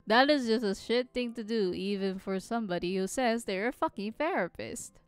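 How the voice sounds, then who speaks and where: A woman's voice: fairly high pitch, normal speed, clean tone, dry recording, faint music behind. A young Filipino woman hosting a podcast, venting candidly and swearing often as she switches between Tagalog and English. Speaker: podcast host. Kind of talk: candid personal monologue.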